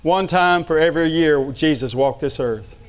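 Middle-aged pastor, preaching with fervor; smooth, resonant voice. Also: male voice, on the high side, moderate pace. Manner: fervent preaching with repetitions. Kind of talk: sermon.

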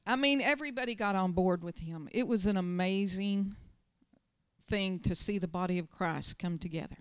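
Smooth-voiced woman preaching emphatically. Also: mid-range voice, moderate pace, no room sound. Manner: emphatic, swings to loud urgent bursts. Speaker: pastor. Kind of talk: sermon with personal storytelling.

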